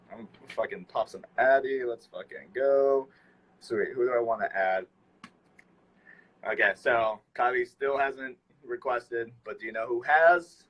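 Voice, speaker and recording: A young man hosting a casual phone livestream, talking excitedly and swearing nonstop. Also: mid-range voice, husky, low-quality recording. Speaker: livestream host.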